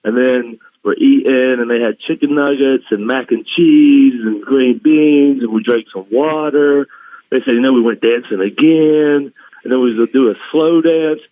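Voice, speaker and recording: Over a dull lo-fi line with a dry sound, a Southern American man speaks at medium pitch and a moderate pace. As a guest in a relaxed conversation, he shares emotional family stories, breaking into laughter frequently.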